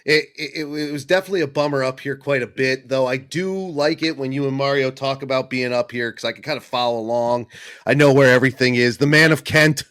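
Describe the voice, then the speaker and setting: A man's voice: mid-range voice, fast talker, clean tone, no echo. A man hosting a casual podcast chat from New England, upbeat and chatty, calling people dude. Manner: energetic, says dude a lot. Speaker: podcast host.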